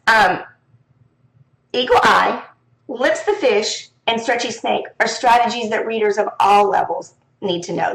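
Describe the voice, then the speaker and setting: High-voiced lively woman teacher, echoey room. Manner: lively, jumps into sing-song classroom voice. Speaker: teacher presenting to other teachers. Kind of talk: casual instructional talk.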